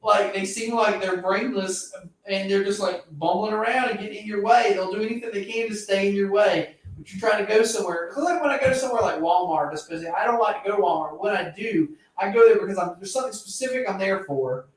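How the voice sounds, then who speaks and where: Man, podcast co-host, casual rambling rant, high voice, distant echoey mic. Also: fast. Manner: rambling, swears, many restarts. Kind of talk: casual chat. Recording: echoey room, far from mic.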